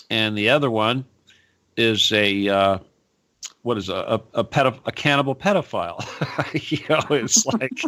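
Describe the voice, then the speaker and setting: Bright-voiced, chatty male radio host. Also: mid-range voice. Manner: chatty, laughs often, animated asides. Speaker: radio talk show host. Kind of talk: casual rambling talk radio.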